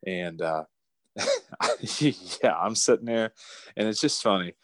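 Man, low voice, animated folksy storyteller, dry recording. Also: takes it slowly, no room sound. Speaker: guest. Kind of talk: casual storytelling.

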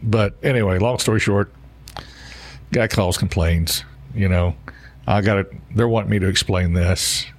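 A jovial man co-hosting a relaxed podcast about his work as an insurance adjuster. His voice sits a little low, and he rambles along with plenty of fillers. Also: unhurried, pauses often. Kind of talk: casual podcast chat.

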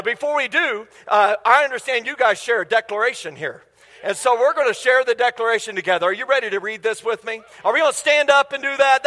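A man preaching with a strikingly high, bright and forceful voice, full of enthusiasm and chatty asides to the congregation. His words ring out through a church sanctuary with a long hall reverb trailing behind them. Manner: enthusiastic, conversational, asks the crowd questions. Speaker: guest preacher. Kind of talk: sermon.

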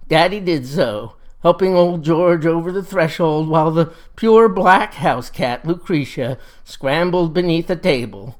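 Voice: medium pitch, a little slow, few pauses. Wry, leisurely folksy storyteller. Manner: wry, leisurely yarn-spinning.

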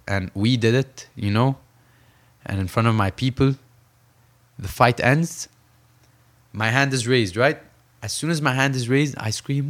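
A young man, a professional boxer, telling an intense story in a conversational interview and slowing down to stress his key points. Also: mid-range voice. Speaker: professional boxer, podcast guest.

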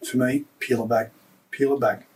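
A man in his fifties, a former rugby league player, telling stories in an interview with emotional, animated delivery and frequent restarts. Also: mid-range voice, normal speed, recorded from a distance, low-quality recording. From Australia. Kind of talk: casual storytelling interview.

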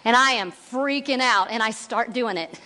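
A woman speaking at a church, telling a personal faith story as an animated storyteller who acts out the voices. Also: fairly high pitch, moderate pace. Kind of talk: sermon testimony storytelling. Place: church sanctuary. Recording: long reverb in a church hall.

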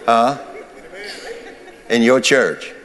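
A man's voice: medium pitch, very slow, a bit bright, big-room sound, a faint crowd. A man preaching a sermon to a congregation in a church, with a rhythmic, repetitive preaching cadence. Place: church sanctuary.

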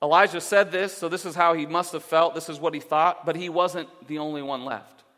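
Man, pastor, sermon, fairly high voice, earnest, long hall reverb. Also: fairly even intonation, brisk. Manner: earnest, swings from emphatic to hushed.

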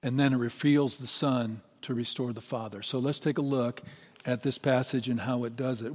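A man's voice: medium pitch, steady tone, normal speed, darkish tone. A middle-aged man preaching a sermon as pastor, earnest and building to emphatic peaks. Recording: long reverb of a large hall.

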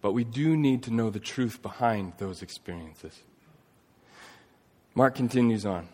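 A man in his thirties preaching a sermon, telling a story earnestly, rising to emphatic points and dropping to a hush. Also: medium pitch, unhurried. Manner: earnest storytelling, swings between emphatic and hushed. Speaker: pastor. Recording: long reverb of a large hall.

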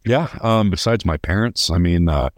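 A man's voice: sits low, animated, normal speed, dry recording, clean studio sound. A young man from California, a podcast guest telling stories in an earnest, rambling way with many restarts. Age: young adult. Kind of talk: casual interview.

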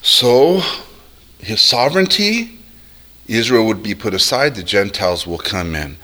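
A man preaching a sermon as a pastor, drawing out his words and dropping his voice low when he quotes others. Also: huge pitch swings, normal speed, sharp tone. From Arab heritage.

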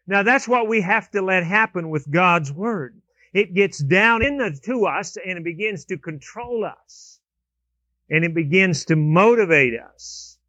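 A male preacher with a bright, forceful, somewhat high voice delivers a sermon full of storytelling. He swings his pitch and volume up and down as he acts out everyday scenes. The recording is dry and a little dull. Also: animated, a little slow, no room sound. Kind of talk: sermon with humorous illustrations.

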